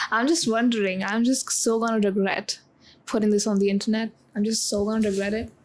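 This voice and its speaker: A woman in her twenties talking in a confessional vlog, halting with many pauses and close to tears. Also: mid-range voice, fairly even intonation, poor audio. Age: 20s. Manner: halting, full of pauses and restarts. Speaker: vlogger.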